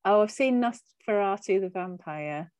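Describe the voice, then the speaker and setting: A woman's voice: mid-range voice, animated, a little slow, a little mellow, no echo. A woman co-hosting a podcast, chatting casually, thinking aloud and laughing easily. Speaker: podcast co-host. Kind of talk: casual film chat.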